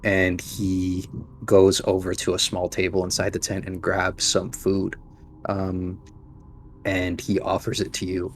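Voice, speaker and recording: A man's voice: deep voice, completely flat delivery, measured pace, slight background noise. A man narrating a tabletop game as game master, hesitant and full of fillers.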